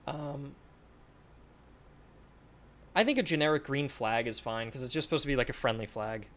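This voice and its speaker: A man's voice: mid-range voice, expressive, moderate pace, fairly bright tone. A man on a dev livestream giving casual, mumbled feedback on artwork, repeating short approvals. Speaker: game developer streaming.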